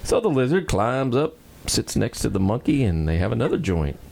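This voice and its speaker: Gravelly, highly animated male co-host. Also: moderate pace. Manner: dry quips, animated storytelling. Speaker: radio co-host. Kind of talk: casual banter and joke telling.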